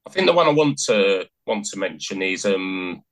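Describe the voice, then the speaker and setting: Polite man with a lowish voice. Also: sing-song, normal speed, fairly bright tone, rough recording. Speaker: podcast co-host. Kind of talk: casual podcast questions.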